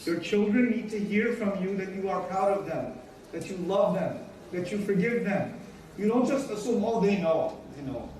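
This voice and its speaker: A man's voice: high voice, lively intonation, normal speed, darkish tone. A man giving a religious lecture, speaking emphatically, repeating his key points and acting out everyday dialogues. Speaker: Islamic teacher. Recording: echoey room, distant mic, faint noise.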